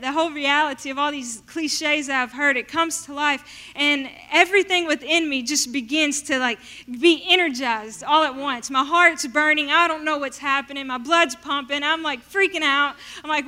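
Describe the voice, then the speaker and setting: A woman telling her personal faith testimony in an animated storytelling way. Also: high-pitched, normal speed, few pauses. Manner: animated storytelling, acting out her past self in quotes. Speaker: speaker sharing a testimony.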